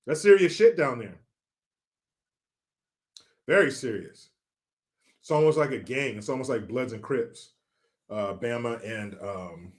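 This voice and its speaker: Man, livestream host, from California, casual chat, joking, swears a lot, reads comments. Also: medium pitch. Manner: profane, joking, chatty, pauses to laugh.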